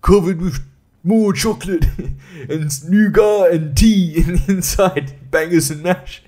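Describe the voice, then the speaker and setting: A man's voice: sits high, slow, darkish tone, pitched above the performer's own voice. A man doing a mocking posh voice. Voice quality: mocking, exaggerated.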